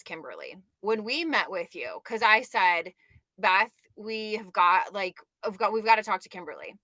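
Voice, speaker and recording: Brief: upbeat woman host, bright and forceful, cheerleading on a dry call. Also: medium pitch, no echo. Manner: warm, emphatic, cheerleading. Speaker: host and team leader. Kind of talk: encouraging video call talk.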